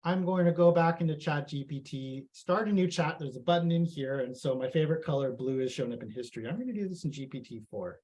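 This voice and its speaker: A man's voice: on the high side, quick pace, hardly any pauses, a little mellow. A man giving a casual, chatty live tech presentation and reading audience comments aloud.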